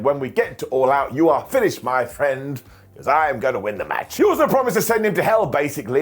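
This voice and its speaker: A man reviewing a wrestling show in a jokey, excitable monologue, dropping into quiet asides. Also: a little high, slightly rough.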